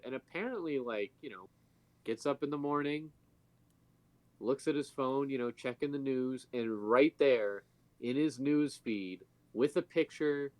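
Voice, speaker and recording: A man's voice: mid-range voice, no room sound. A man co-hosting a casual podcast, telling a rambling story with plenty of fillers. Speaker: podcast co-host. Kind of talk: casual chat.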